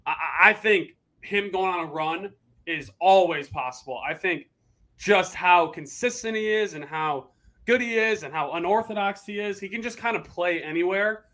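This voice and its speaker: A man's voice: sits high, normal speed, bright, forceful tone. A man co-hosting a casual sports podcast, giving earnest, emphatic opinions. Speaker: podcast co-host.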